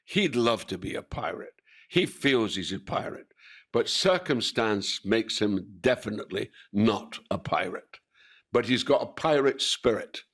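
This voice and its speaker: A man's voice: lowish voice, animated, a little slow, fairly bright tone. An older man, an actor being interviewed, telling stories with lots of swearing and acted-out voices. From Scotland. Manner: swears freely, acts out quoted voices. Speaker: actor guest. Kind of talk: animated anecdotal interview.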